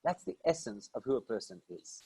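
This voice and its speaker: A man's voice: medium pitch, sing-song, a little fast, mellow, husky, dry recording, rough recording. A man from South Africa giving a conversational Torah lesson, posing questions and answering them himself. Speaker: rabbi teaching a class. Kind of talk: Torah lecture.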